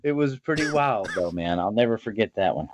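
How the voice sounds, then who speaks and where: A man's voice: on the low side, fairly quick, no room sound. A bail bondsman tells a wild story over a video call, swearing as he goes. His voice swings up and down a lot as he acts out the people in it. He sounds casual and unpolished. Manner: profane, animated, acts out every character.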